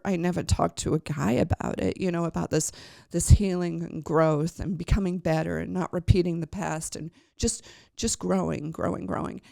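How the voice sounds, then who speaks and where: Woman with a gravelly voice, telling a story. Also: on the low side, darkish tone, no echo, clean studio sound. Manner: chatty, rambling, full of fillers and restarts. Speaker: podcast host. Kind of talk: personal storytelling on a podcast.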